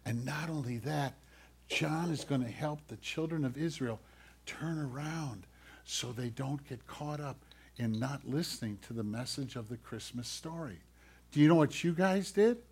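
Slow, gentle pastor talking to kids. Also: male voice, medium pitch, slightly rough. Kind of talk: children's sermon.

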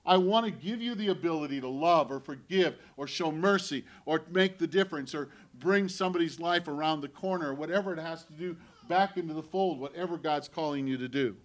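A male pastor preaching a sermon in an earnest, personal storytelling way, swinging from loud emphatic lines to hushed near-whispers. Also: a little high, fairly quick, few pauses.

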